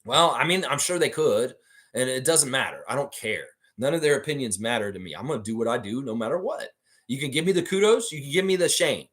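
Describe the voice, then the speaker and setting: A man hosts a casual livestream and reads out viewer comments, then replies in a blunt, unfiltered way with frequent swearing. His voice sits at an ordinary middle pitch for a man. He sometimes refers to himself in the third person. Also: animated, brisk, fairly bright tone. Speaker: sports livestream host.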